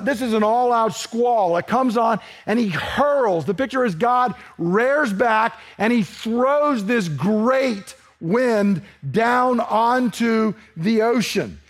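A man preaching a sermon, telling it in a folksy way with personal stories and asides. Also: very high voice. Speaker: pastor.

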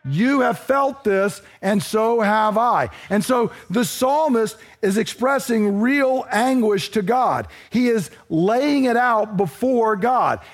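A man's voice: high-pitched, animated, slow pace, few pauses. A man preaching a sermon in a conversational, emphatic way, often checking in with his listeners. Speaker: pastor.

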